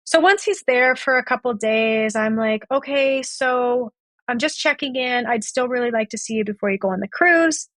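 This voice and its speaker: A woman's voice: on the high side, moderate pace, fairly bright tone, no echo. A woman guest on a podcast, retelling a past relationship and acting out both sides of the conversations. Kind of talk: storytelling in a podcast interview.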